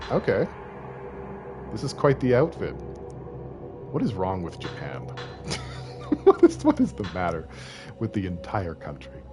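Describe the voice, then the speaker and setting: Canadian guy almost 40 streaming a game, lowish voice, big swings up and down, game music under him. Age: late 30s. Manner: joking, self-deprecating, chatting with viewers. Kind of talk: casual game stream commentary.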